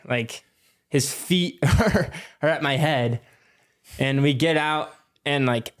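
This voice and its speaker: A young man in his twenties, a podcast guest telling a story in a loose, animated way with lots of fillers and swearing. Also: on the high side. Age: 20s. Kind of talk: casual storytelling.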